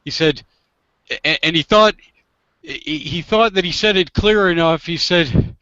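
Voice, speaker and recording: A man, a divorce attorney and guest, telling a funny story casually and acting out the quotes loudly. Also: on the high side, measured pace, smooth, dry recording, dull audio. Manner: animated, acts out quotes loudly.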